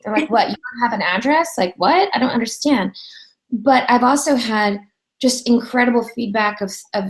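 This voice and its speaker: A woman hosts an interview show in a chatty, storytelling way. She acts out the people in her anecdotes as she goes. Her voice sits a little high. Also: low-quality recording. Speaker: radio show host. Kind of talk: casual interview chat.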